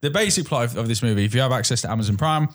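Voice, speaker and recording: A man's voice: medium pitch, rapid-fire. A man hosting a podcast in casual chat. He steers the talk steadily and lays out the movie plots. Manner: steady, guides the episode, reads out plot. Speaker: podcast host.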